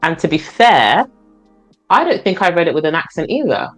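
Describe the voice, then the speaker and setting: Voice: medium pitch, very animated, normal speed, a bit bright, faint music behind. Inquisitive podcast co-host. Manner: inquisitive, many short mm's. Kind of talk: casual book chat.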